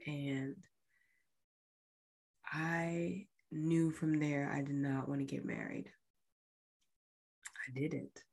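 A woman podcast host slowly recounting a painful personal story, halting and often sinking to a near whisper. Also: low voice, flat delivery, gravelly, a little mellow.

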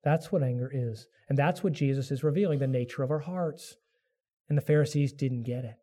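Earnest preaching man with mellow voice. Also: mid-range voice, a little fast. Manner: earnest preaching, voices excuses in a raised mock tone. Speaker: pastor. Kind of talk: sermon.

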